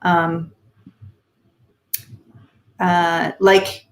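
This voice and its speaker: Lowish woman giving hesitant tarot readings. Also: flat delivery, drawn-out words, poor audio. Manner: loose, hesitant, many fillers. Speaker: co-host and tarot card reader. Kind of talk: live-stream spiritual reading.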